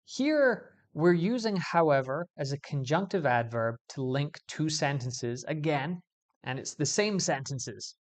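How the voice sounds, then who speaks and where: A man teaching English grammar in a video lesson, explaining clearly and stressing key words as he goes. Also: on the high side, animated, unhurried.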